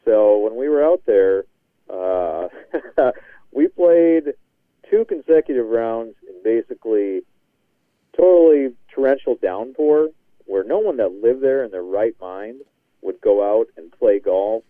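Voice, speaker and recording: A man's voice: medium pitch, animated, unhurried, no echo. Male podcast guest, chatty yarn-spinner, thin phone-line sound. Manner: rambling, laughs often, says "man". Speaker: guest contributor. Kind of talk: casual podcast storytelling. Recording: tinny, dry phone line.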